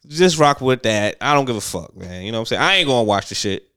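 A man's voice: mid-range voice, sing-song, fast, bright, forceful tone, clear, resonant tone, no echo, studio quality. A man co-hosting a casual podcast chat, rambling and profane, full of fillers. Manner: laid-back, profane, rambling with many fillers. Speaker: podcast co-host.

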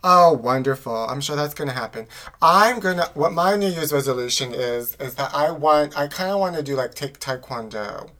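A man's voice: fairly high pitch, lively intonation, moderate pace, sharp tone. A man co-hosting a casual comedic podcast, sassy and dramatic, recorded in a small closet studio. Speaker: podcast co-host.

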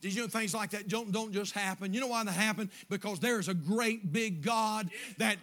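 A man preaching a sermon as pastor, moving from quiet storytelling to shouted praise. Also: high-pitched, moderate pace, few pauses.

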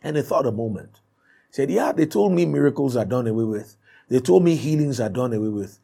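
A man delivers a sermon in a husky, slightly breathy voice. He tells a story and reads scripture slowly and deliberately, repeating key phrases for emphasis. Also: mid-range voice, expressive, warm tone. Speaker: preacher.

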